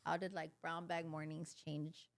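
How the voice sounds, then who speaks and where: A woman hosting a podcast in casual chat, laughing along and asking relaxed questions. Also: low-pitched, moderate pace, creaky. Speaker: podcast host.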